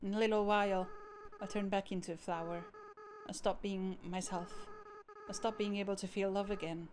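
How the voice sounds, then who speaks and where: A woman voicing a remorseful young goat monster boy, reading the game's dialogue softly and haltingly. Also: mid-range voice, fairly even intonation, background noise, natural voice. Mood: tender farewell. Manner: soft, earnest, halting reading. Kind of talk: game dialogue read aloud. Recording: game music underneath. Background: game music.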